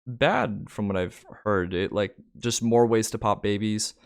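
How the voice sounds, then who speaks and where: Young male co-host, low smooth voice, rambling casual delivery. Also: measured pace. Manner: rambling, many fillers and restarts. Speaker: podcast co-host. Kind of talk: casual card-game chat.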